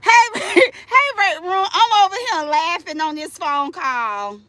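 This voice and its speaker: An older woman ranting to her live-stream viewers. Her voice is high and bright, and it swings widely in pitch. She talks at an unhurried pace, loud, boastful and profane. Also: big pitch swings, dry recording. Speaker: livestream host.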